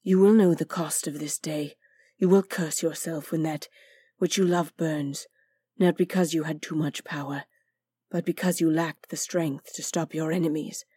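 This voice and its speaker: A woman voicing a cold, hostile bodiless entity that speaks softly and threateningly. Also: sits low, fairly even intonation, normal speed, husky, no room sound. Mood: menacing. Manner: soft, whispery and threatening.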